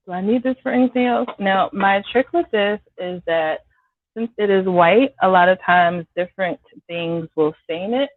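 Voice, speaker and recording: Woman chatting to viewers while she cooks, kinda scratchy throat, sounds like a phone line, no room echo. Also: on the low side. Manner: chatty, talks to viewers by name, apologetic. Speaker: home cook hosting a live cooking stream. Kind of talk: casual live-stream chat while cooking. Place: home kitchen. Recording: dry, tinny phone-like sound.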